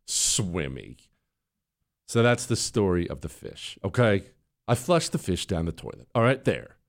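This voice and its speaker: A man hosting a talk show, telling a story in a punchy, animated way. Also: normal speed. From United States. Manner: animated, wide swings in pitch, punchy delivery. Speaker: radio talk show host. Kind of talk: casual storytelling monologue.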